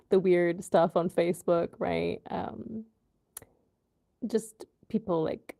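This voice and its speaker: A woman from the USA hosts a relaxed livestream from home and talks in a loose, rambling way full of ums and likes. Her voice is mellow and dark, with a gravelly fry underneath. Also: lowish voice, drawn-out words. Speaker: livestream host. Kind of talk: casual live chat with viewers.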